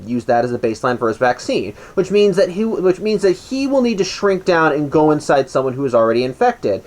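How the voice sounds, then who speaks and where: A man hosts a casual podcast, walking through a cartoon episode's plot in a loose, rambling way. His pitch leaps around a great deal, full of rises and dips. He keeps restarting sentences and tosses in dry little asides. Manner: rambling, with frequent restarts and self-corrections; wry asides.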